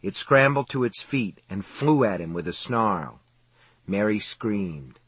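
A man narrating a novel in a steady, measured, dramatic reading. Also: lowish voice, slightly rough, no room sound. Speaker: audiobook narrator. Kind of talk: scripted narration.

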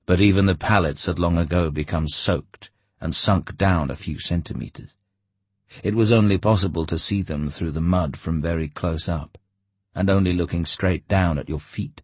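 A male narrator with a very low, husky voice reads an audiobook in a measured, steady way. The sound is close and dry, with no room around it. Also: dry recording. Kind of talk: scripted narration.

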